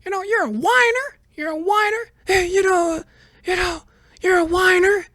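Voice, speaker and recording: A squeaky, mouse-voiced old politician. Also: male voice, moderate pace, pushed and bright, no echo. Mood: insulting. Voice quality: very high-pitched, squeaky. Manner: stammering, repeats greetings and fillers.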